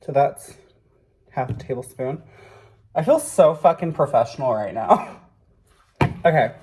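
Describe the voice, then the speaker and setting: A man's voice: medium pitch, expressive, unhurried, a little mellow, husky. A man hosting a casual home cooking vlog in his kitchen, rambling with lots of fillers, swearing and joking at his own expense. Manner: rambling, self-deprecating, swears freely. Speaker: cooking show host.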